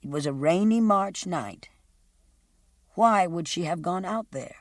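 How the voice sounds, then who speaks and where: A woman voicing a male prosecutor in an audiobook, asking formal, deliberate questions. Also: fairly low pitch, animated, dry recording, clean studio sound. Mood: questioning. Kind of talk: audiobook character reading.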